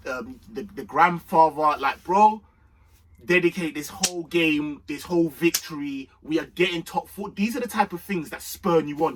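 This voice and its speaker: A young man giving an excited football match reaction, full of slang, dropping to mutters and rising to shouts. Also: distant mic, slight background noise. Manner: animated London slang, swings between low muttering and shouting. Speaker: football fan vlogger.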